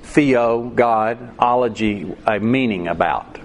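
A man's voice: medium pitch, slow, slight background noise. A man preaching a sermon, acting out quoted voices with animation.

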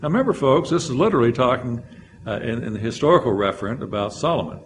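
A man's voice: mid-range voice, lively intonation, quick pace, a little hiss or hum. A man teaching a Bible lecture, explaining verses and reading scripture aloud with frequent "uh" fillers.

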